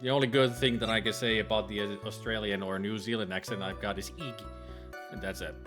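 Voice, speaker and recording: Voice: medium pitch, fairly even intonation, quick pace, over music. A player chatting and joking with exasperation while voicing a story game. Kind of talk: casual banter over a game playthrough.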